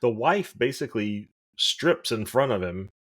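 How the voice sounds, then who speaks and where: A man's voice: medium pitch, lively intonation, a little slow, a bit bright. A man co-hosting a podcast in casual chat, rambling and opinionated, often restarting his sentences. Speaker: podcast co-host.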